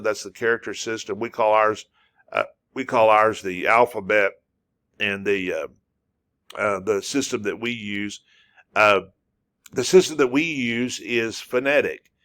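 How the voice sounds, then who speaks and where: A male teacher with a lowish voice talks through a lesson very slowly and casually. He hesitates a lot, restarts his sentences and stretches out sounds to show how they go. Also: a bit bright, smooth. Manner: slow and halting, many uh fillers and restarts; demonstrates sounds by drawing them out. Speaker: language teacher. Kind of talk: casual spoken lesson at a whiteboard.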